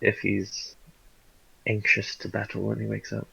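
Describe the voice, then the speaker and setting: Gravelly bright-toned guy playing a tabletop game, muffled lo-fi mic, laid-back. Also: on the low side, a little slow. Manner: relaxed, chuckling, loose joking. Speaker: player. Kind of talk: casual tabletop play. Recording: dull lo-fi mic.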